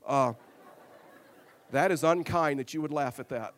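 A man's voice: a little high, unhurried, a little hiss or hum. A male pastor preaching a sermon, telling a personal story earnestly and with humor, often repeating words as he goes.

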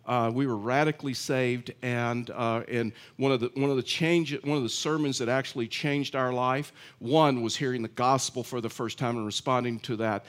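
A man's voice: medium pitch, steady tone, moderate pace, few pauses, clear, resonant tone. A middle-aged male pastor giving a conversational sermon, telling stories with frequent restarts. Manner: chatty storytelling, many restarts.

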